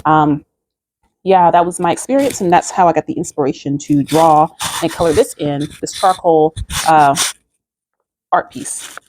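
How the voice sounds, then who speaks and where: A woman's voice: low-pitched, a little slow, pauses often, a little mellow, slight background noise. A woman earnestly recounting a dream in a spiritual vlog and urging listeners toward faith. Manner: earnest, preachy exhortation. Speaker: video creator.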